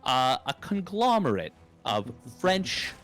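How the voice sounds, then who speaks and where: A man's voice: on the high side, sing-song, slow pace, a bit bright, soft background music. Rambling, joking male game caster. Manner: rambling, joking, many fillers. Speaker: esports caster. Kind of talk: casual play-by-play commentary.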